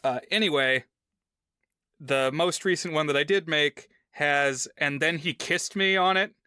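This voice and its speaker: Bright, crisp-voiced male podcast co-host. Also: on the high side, no room sound, studio quality. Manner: measured, asks discussion questions, reflective. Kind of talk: casual chat.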